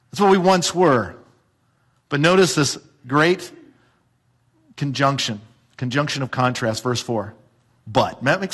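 A man's voice: on the high side, a bit bright. A man preaching a sermon to a congregation in a church, emphatic and repetitive, asking rhetorical questions. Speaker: pastor.

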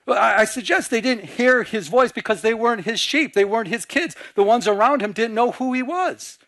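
A man with a fairly high voice preaches with animation, dropping into hushed voices as he acts out little scenes. The sound is dry and close, with no room around it. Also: brisk, no echo. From Michigan. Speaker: pastor. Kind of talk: sermon.

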